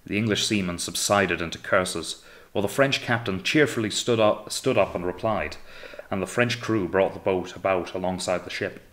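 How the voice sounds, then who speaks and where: A man reading an audiobook of a naval adventure in steady, measured narration. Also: deep voice. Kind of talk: scripted narration.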